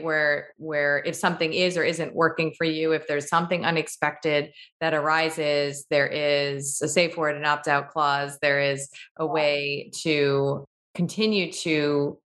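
A woman's voice: low-pitched, a bit bright. A woman hosting a podcast, talking in a reflective, casual way with light laughs. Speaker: podcast host.

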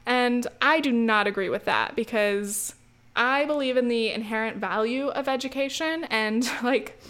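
A young American woman, a student vlogger, rants casually to camera in a fairly high, slightly bright voice at an unhurried pace. She's chatty, full of fillers and restarts, and swears along the way.

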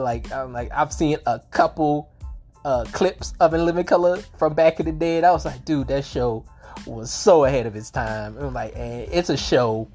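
Low-voiced woman with a sore throat. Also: darkish tone. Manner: rambling, swears freely, frequent restarts and laughs. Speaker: movie reviewer. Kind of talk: casual movie review.

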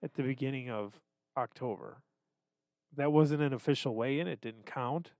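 A man's voice: mid-range voice, moderate pace, darkish tone, dry recording. A man co-hosting a podcast, talking candidly and self-deprecatingly about his struggles, swearing freely. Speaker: podcast co-host. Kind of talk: casual confessional chat.

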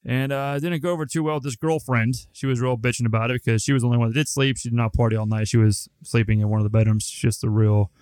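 Young man, podcast co-host, rambling casual storyteller, smooth clear voice, dry close mic. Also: mid-range voice, fairly even intonation, fast talker, hardly any pauses, darkish tone, dry recording. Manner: rambling, profane, laid-back storyteller.

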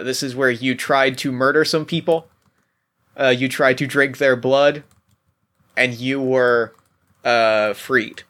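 Bright-voiced rambling male game master. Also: mid-range voice. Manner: rambling, full of "like" and restarts. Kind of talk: narrating a tabletop role-playing game.

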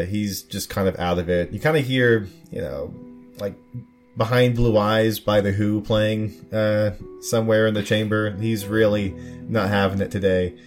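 Low-voiced man narrating a game. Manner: relaxed, hesitant with many fillers. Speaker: game master.

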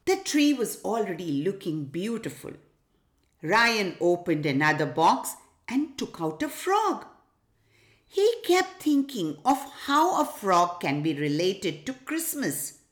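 A woman's voice: medium pitch, very animated, slow pace, roomy sound. A woman hosting a podcast and narrating a children's Christmas story.

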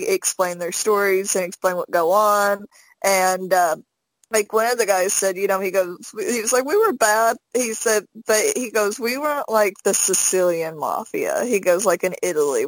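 A woman's voice: medium pitch, no echo, low-quality recording. A woman co-hosting a podcast, chatting casually, giggling and swearing freely as she talks. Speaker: podcast co-host. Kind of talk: casual chat.

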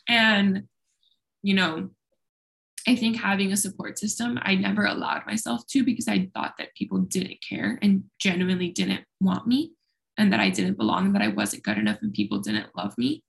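A woman's voice: medium pitch, expressive, normal speed, creaky. A young woman speaking openly and at length as an interview guest, talkative and self-deprecating. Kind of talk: candid personal conversation.

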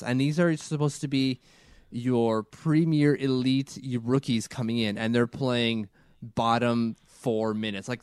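A man's voice: medium pitch, darkish tone, dry recording, clean studio sound. A man from Canada co-hosting a casual sports podcast, ranting emphatically. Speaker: podcast co-host. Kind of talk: casual hockey podcast chat.

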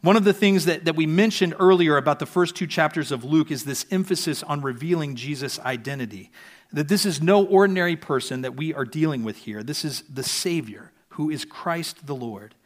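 A man preaching a sermon earnestly, his voice softening at the ends of sentences. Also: on the high side, normal speed. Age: adult parent. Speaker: pastor.

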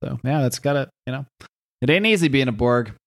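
A man with a medium-pitched voice chimes in with wry jokes in a casual podcast chat. His voice sounds dry and close to the mic. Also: animated, brisk, no echo. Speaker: podcast co-host.

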